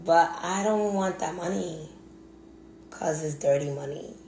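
A woman's voice: lowish voice, a little slow, a little mellow. Profane, ranting woman in an echoey room. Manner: profane, repetitive, blunt. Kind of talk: angry monologue rant. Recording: echoey room, faint background hum.

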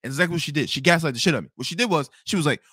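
Fast, animated young man ranting. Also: fairly high pitch, slightly rough, no room sound, studio quality. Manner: animated, swearing, repeats himself when angry. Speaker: podcast host telling a story. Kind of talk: profane storytelling rant.

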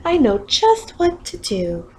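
A woman voicing a calm, kindly female schoolteacher in a children's storybook, speaking in a reassuring, unhurried way. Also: high-pitched, a little hiss or hum, voice pushed up, heavily acted.

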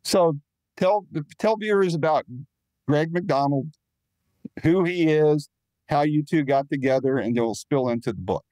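Relaxed male interview host, dry sound. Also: on the high side, measured pace, no room sound, rough recording. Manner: relaxed conversational, with fillers. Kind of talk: casual interview chat.

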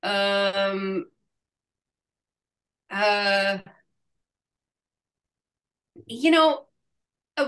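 A woman in her sixties being interviewed, who talks haltingly, hunts for her words and laughs between thoughts. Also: mid-range voice, pushed and bright. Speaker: actress, interview guest. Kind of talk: casual interview chat.

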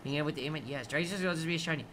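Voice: mid-range voice, racing, heavy background noise. Playful, murmuring gaming streamer. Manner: playful, affectionate, often murmuring softly. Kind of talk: casual let's-play commentary. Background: game music.

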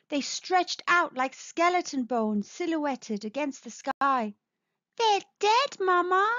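A woman narrating a children's storybook in a high, lively, sing-song voice. She reads slowly and expressively, and the sound is dry and dull. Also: no echo. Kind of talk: children's read-aloud narration.

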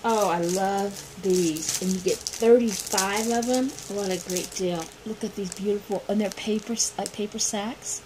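A woman vlogger chatting casually through a haul video, gushing with excitement and repeating her thanks. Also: mid-range voice, unhurried, hardly any pauses, noisy background.

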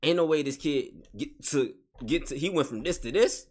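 A vlogger with a fairly high-pitched, slightly mellow male voice delivers a spiritual motivational monologue at a moderate pace. His talk is casual and slangy, and he repeats and restates each phrase with emphasis.

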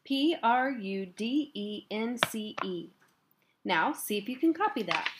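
Brisk, kindly young woman, read by a woman, reassuring and plain-spoken. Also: on the high side, expressive, noisy background, lightly acted.

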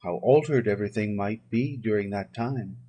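Husky man reading an audiobook. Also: lowish voice, dark tone. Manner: measured, solemn reading. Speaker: audiobook reader. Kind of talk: audiobook narration.

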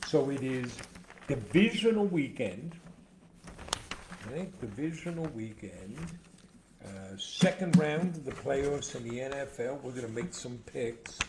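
A man's voice: mid-range voice, unhurried. A man hosting a casual chat who tells jokes and stories in a playful way, acting out the characters. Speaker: host. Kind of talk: casual chat, joke telling. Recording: echoey room with faint background noise.

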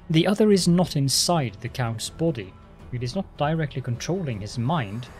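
A grave inquisitor who trips over his words as he explains a dark threat, read by a man. The voice sits at a middling pitch, and a faint game soundtrack runs beneath it. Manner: halting, stammers over words. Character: shaken older male inquisitor, grave and careful.

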